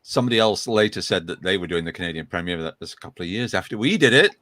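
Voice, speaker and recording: Man host, low and lively pitch, dry sound, relaxed wry interviewer. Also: racing, dry recording. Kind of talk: casual interview chat.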